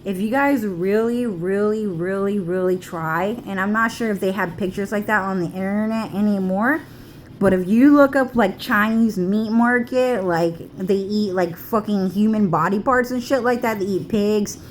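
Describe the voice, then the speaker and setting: A woman's voice: medium pitch, moderate pace, slight background noise. A young woman vlogging in a loose, rambling monologue, swearing a lot and filling her talk with "like" and "dude".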